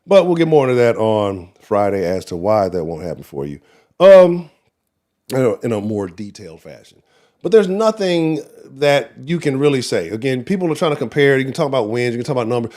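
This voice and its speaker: A man's voice: mid-range voice, sing-song, fairly quick, darkish tone. A man with a Texan accent hosting a live sports talk stream, rambling and profane, laughing often and talking to the chat. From Texas. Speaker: sports show host.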